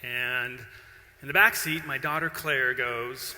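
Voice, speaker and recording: A middle-aged man delivers a conference keynote slowly, in a medium-pitched, steady voice with a sharp tone. He jokes at his own expense and trades banter with the crowd, his words echoing with long reverb through a large hall.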